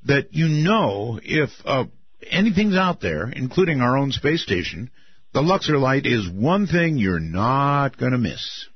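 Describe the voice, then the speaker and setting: Older man, late-night radio host, husky low voice, swings up and down in pitch, muffled dry broadcast sound. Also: no room sound. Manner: musing, drawn-out, lively pitch swings. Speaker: radio talk show host.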